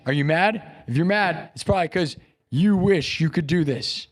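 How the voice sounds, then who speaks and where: Man hyping his chat, higher-pitched. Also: moderate pace. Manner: boastful, repetitive hype, swinging between loud declarations and quiet musing. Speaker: live streamer host. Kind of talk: livestream sign-off pep talk.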